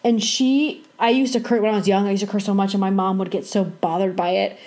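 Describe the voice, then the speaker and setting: A woman's voice: steady tone, darkish tone. A woman co-hosting a podcast in casual chat, bubbly and laughing often. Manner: laughs often, bubbly, quick pitch jumps. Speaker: podcast co-host.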